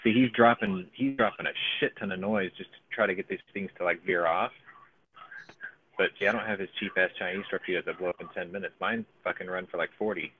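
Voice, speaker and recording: A man's voice: sits low, a little fast, fairly bright tone, slight background noise, low-quality recording. A man giving casual, profane live commentary on his own gameplay, thinking aloud as he plays. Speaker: gaming streamer.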